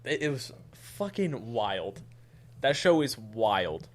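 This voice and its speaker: A man's voice: medium pitch, slow pace. A young man co-hosting a podcast, retelling crude stories in casual banter with plenty of swearing and laughter. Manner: animated storytelling with laughs and swearing. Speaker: podcast co-host.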